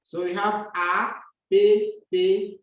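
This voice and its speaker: A woman teaching a lesson, speaking slowly and patiently and repeating words for her learners to practice. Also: mid-range voice, level tone, muffled recording. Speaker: French teacher. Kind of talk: classroom lesson. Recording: very echoey room, far from mic.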